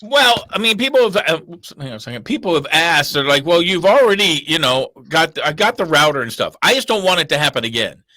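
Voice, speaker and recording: A middle-aged man tells a story on a casual morning show. He acts out both sides of his phone calls. His voice is high and bright, recorded close and dry. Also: big pitch swings, fairly quick, hardly any pauses, dry recording.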